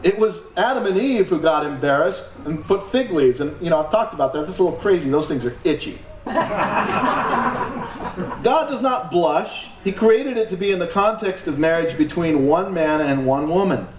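A man's voice: a little high, animated, moderate pace, slight background noise. A man preaching a sermon as pastor, emphatic, with joking asides and laughs. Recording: echoey hall from far off, light ambience.

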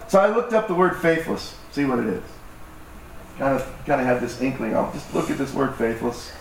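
A pastor with a mid-range, very animated voice talks at a normal pace through a casual sermon full of self-mockery and acted-out voices. He's captured from afar in an echoing hall, faint noise underneath.

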